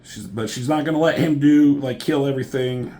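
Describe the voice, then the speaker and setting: A man casually reviewing a comic book, sarcastic and profane, mocking the characters with quick impressions. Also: medium pitch, warm tone.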